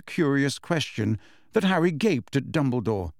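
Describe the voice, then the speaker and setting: Casting: male audiobook narrator, expressive storytelling, lively melodic pitch, dry close recording. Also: normal speed, no room sound. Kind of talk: scripted narration.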